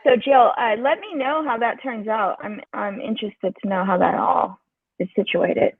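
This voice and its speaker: A woman hosting a live group video chat, chatty and quick to laugh. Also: mid-range voice, slightly rough, dry recording. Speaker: host. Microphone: video call. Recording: tinny dry phone-like line.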